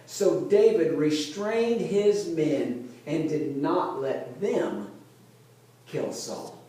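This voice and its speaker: A male pastor preaching a conversational sermon, retelling a Bible story like a lively storyteller who keeps checking in with his listeners. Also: on the high side, slow pace. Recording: very echoey room, voice from a distance.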